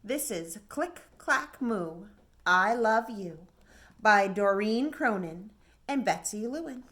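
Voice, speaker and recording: A woman working as a children's librarian, reading a picture book aloud with gentle, expressive storytime delivery. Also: mid-range voice, slow pace.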